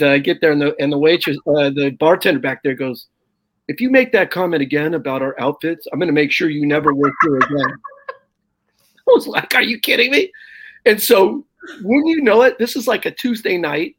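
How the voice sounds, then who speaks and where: A middle-aged man, a stand-up comedian, telling animated, salty road stories in casual conversation. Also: high-pitched, vocal fry, husky. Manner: animated anecdote with profanity and quoted voices. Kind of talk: casual storytelling on a podcast.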